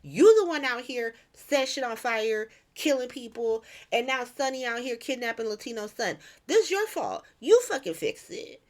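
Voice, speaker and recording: A woman's voice: fairly high pitch, normal speed, few pauses, lightly acted. A woman doing a frantic, cursing young man. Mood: exasperated. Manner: cursing, exasperated. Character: frantic, furious young man confronting a rival.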